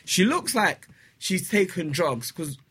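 A man telling a story in relaxed chat, his voice riding high and swinging widely. The tone is bright with a slight husk, and he acts out each person's lines. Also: slow pace, breathy edge. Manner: animated storyteller, acts out quotes.

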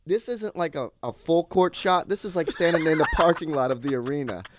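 A man's voice: fairly high pitch, fairly quick, a little hiss or hum. A man co-hosting a podcast who teases his friend bluntly in casual chat. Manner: teasing, blunt. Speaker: podcast co-host and editor.

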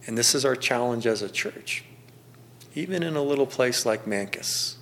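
A male pastor delivering a sermon through down-to-earth local stories. His voice sits at an ordinary middle pitch, and he often chuckles and drags out key words for emphasis. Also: lively intonation, vocal fry, a bit bright. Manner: folksy storytelling, slows down for emphasis, chuckles often.

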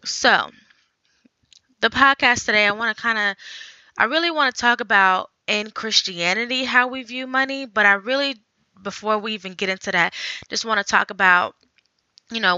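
A woman hosting a faith podcast, talking earnestly in a conversational way, thinking out loud. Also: mid-range voice, no echo, lo-fi sound. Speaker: podcast host.

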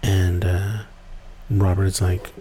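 A man's voice: deep voice, completely flat delivery, takes it slowly, dark tone, slight background noise. A man hosting a podcast, telling a story casually with many fillers and restarts. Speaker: podcast host.

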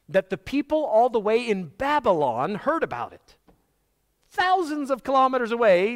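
Man preaching in an echoing hall. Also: high-pitched. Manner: dramatic storytelling, acting out quoted voices. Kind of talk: sermon. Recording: long hall reverb.

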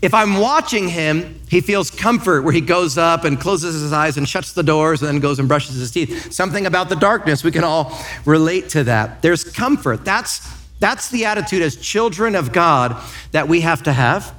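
A man in his thirties, a pastor preaching a sermon in church, telling lively stories and acting out quotes. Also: fairly high pitch, normal speed. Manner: lively storytelling with acted-out quotes.

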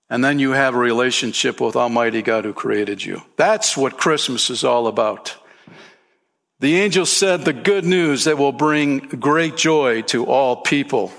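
A man's voice: mid-range voice, unhurried, vocal fry, fairly bright tone. A man preaching a sermon as pastor, emphatic, lifting his voice for key points and calling listeners "man" and "friend".

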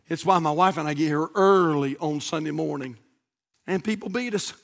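A middle-aged male pastor, preaching a sermon that swings from loud high cries down to hushed whispers. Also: moderate pace, creaky.

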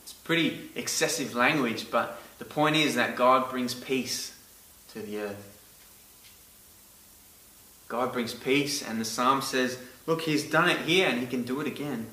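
A man's voice: medium pitch, unhurried, sharp tone. A man preaching a sermon in an earnest way, stressing key words hard. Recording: roomy, echoey from a distance.

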